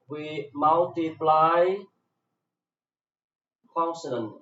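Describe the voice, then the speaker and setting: A man teaching an English grammar lesson in a classroom, slowly repeating each phrase for his students in non-native English with small grammar slips. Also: a little high. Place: classroom with a board. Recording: echoey, distant, dull lo-fi classroom recording.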